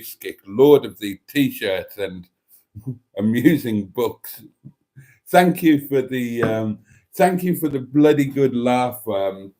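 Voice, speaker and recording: Man, livestream host, lively swinging pitch, chatty and self-deprecating. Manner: chatty, self-deprecating, reads chat messages aloud. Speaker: livestream host reading chat. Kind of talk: casual live stream chat.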